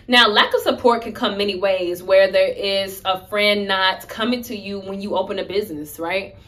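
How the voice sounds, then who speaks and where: A young woman casually telling a storytime vlog, animated and slangy, acting out the lines she quotes. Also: mid-range voice, moderate pace.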